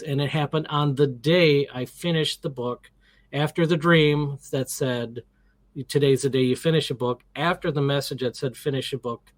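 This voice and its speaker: A man's voice: medium pitch, no room sound. A middle-aged man as an interview guest, telling a story casually and animatedly, acting out the quotes and restarting his sentences often.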